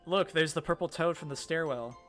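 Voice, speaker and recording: A man's voice: fairly high pitch, fairly quick, a bit bright. Chatty man rambling over gameplay. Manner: rambling, chatty, laughs often, swears casually. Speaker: co-host of a game mod dev stream. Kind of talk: casual let's-play commentary. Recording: faint music in the background.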